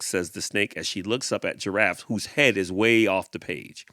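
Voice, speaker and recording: A man's voice: deep voice, moderate pace, few pauses, dry recording, clean studio sound. A man hosting a podcast, reflecting and then reading a picture book aloud, often repeating words as he goes. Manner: repeats words, animated and expressive. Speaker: podcast host.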